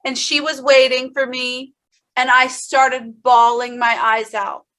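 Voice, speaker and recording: A woman's voice: sits high, little pitch movement, slow, sharp tone. A woman giving a motivational keynote speech, telling her story with passion and speaking straight to the audience. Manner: impassioned storytelling, addresses the audience directly.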